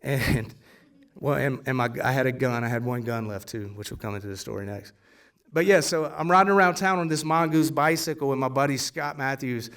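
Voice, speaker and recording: Recorded from a distance, a man in his forties stands on a theater stage before an audience and tells his own recovery story as a guest speaker. His medium-pitched voice is a little fast, fairly bright, clear and resonant, and his live testimony is casual and blunt, with swearing and acted-out dialogue.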